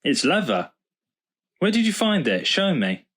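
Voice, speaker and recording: A man's voice: fairly high pitch, huge pitch swings, unhurried, husky, pitched above the performer's own voice, full character voice. A man voicing a patient, thoughtful father who is a vicar, in a storybook reading. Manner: warm, thoughtful and explaining.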